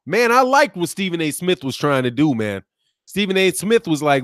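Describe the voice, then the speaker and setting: A man with a Midwest American accent hosts a boxing channel live stream, reacting to chat in an animated, mocking way, laughing often and tossing in "man" and "dog.". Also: on the high side, normal speed, dry recording, studio quality.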